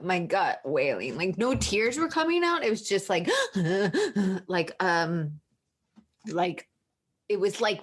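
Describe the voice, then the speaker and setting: Emotional woman author, lowish voice. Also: fairly bright tone. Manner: emotional, searching, many restarts. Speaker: podcast guest, author. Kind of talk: candid interview conversation.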